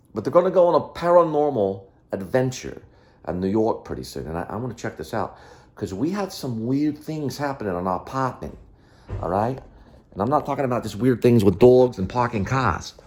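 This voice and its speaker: Speaking fairly quickly with lively intonation, a vlog host with a medium-pitched, darkish voice rambles from his apartment. He films himself selfie-style on a handheld phone, jumping topics and interrupting himself.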